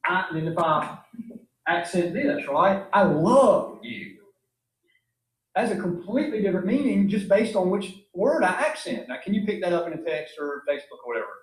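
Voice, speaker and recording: A man's voice: high voice, animated, brisk. A man giving an informal philosophy lecture in an emphatic way, asking his class many rhetorical questions. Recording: echoey room.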